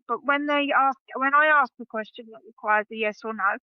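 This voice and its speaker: A high-voiced woman speaks hesitantly, trailing off and restarting as she talks. Her audio comes through slightly muffled and lo-fi, dry with no room sound. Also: fairly quick, clear, resonant tone, no echo. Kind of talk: casual conversation.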